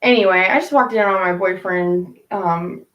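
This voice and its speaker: A woman's voice: fairly low pitch, normal speed, fairly bright tone, dull audio. Rambling, candid woman in an echoey room. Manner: rambling, candid, swears freely. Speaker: live streamer chatting with viewers. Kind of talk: casual storytelling to a live chat.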